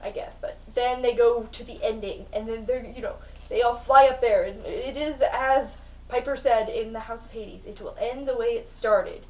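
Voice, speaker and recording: A woman reviewing books in a casual vlog, chatty and rambling, full of "like" and gushing with excitement. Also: a little high, normal speed. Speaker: book reviewer. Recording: distant mic, dull lo-fi sound.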